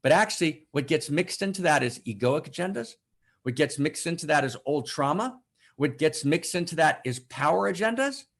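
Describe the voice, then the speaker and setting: A man hosting an online spiritual broadcast, fervent and impassioned, swinging from loud declarations to hushed asides and keeping up a constant tag of "right?". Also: a little high, lively intonation, normal speed. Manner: keeps adding "right?" as a tag. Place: home setup for an online broadcast.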